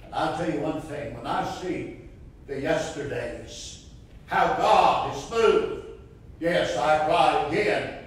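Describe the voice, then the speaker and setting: A man's voice: on the high side, slow. A man preaching a sermon, fervent and rising to impassioned cries, recorded from a distance in a church sanctuary. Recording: roomy echo from far off.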